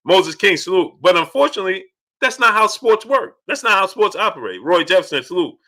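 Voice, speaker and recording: Bright-voiced animated male boxing host. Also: high voice, fairly quick. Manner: animated, repeating shout-outs to viewers. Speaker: boxing talk show host. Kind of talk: livestream commentary reading out super chats.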